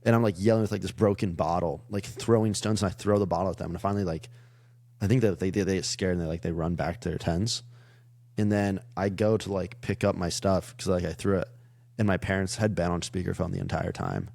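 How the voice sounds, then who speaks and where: A man's voice: low voice, fast talker, gravelly, dry recording. A young man, a comedian guest, telling a wild story in casual chat, rambling with lots of fillers. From Iowa. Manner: rambling, many "like" fillers, animated retelling.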